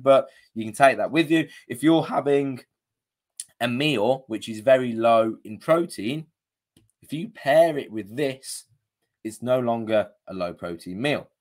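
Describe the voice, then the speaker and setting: A man's voice: mid-range voice, moderate pace. A man coaching viewers on a live video, chatty and casual, often checking in with "okay?", his voice a bit worn. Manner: chatty, punctuates with "okay?" and "you know". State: slightly losing his voice. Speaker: diabetes coach.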